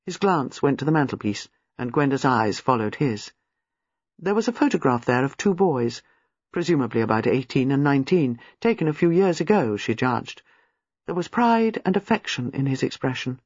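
A man narrating a novel in an expressive, lively reading. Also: medium pitch, moderate pace, breathy edge, no room sound. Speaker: audiobook narrator. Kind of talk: scripted narration. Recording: slightly muffled, dry.

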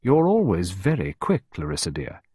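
A man reading aloud and voicing a self-important government official husband who speaks gravely and solemnly about secrets. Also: sits low, wildly swooping pitch, moderate pace, mellow, dry recording, clean studio sound, full character voice.

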